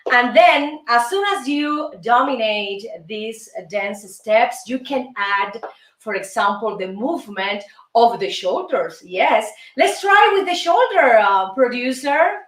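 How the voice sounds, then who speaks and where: A woman's voice: on the high side, expressive, slow pace, a bit bright. A Cuban woman, a native Spanish speaker, hosting a show and teaching salsa steps in accented English, counting beats aloud in a playful, encouraging way. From Cuba. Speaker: dance instructor and show host. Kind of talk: dance lesson. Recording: roomy, distant mic, faint music.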